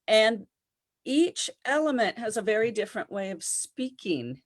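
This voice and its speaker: A woman guest and teacher speaking in a lively, playful way. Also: fairly high pitch, measured pace. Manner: animated, playful. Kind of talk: casual interview.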